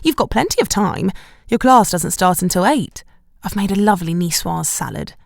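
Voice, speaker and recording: A hospitable middle-aged aunt who fusses over her guests and coaxes them to stay for supper, as a woman reading a romance novel voices her. Her lines lift a little above the reader's own low, gravelly tone, recorded dry and close. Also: animated, moderate pace, no echo. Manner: bright and hospitable.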